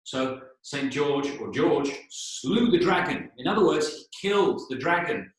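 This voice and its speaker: A man teaching English, telling a story for learners, explaining slowly, spelling out words and checking in with "okay?". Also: on the high side, expressive. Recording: echoey room, voice a bit distant.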